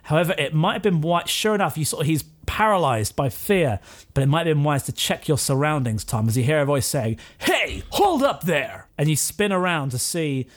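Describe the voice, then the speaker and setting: A man guides a tabletop game as game master. He narrates with a playful, amused manner that breaks into giggles, his voice fairly high with a lively, roaming pitch. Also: a little fast.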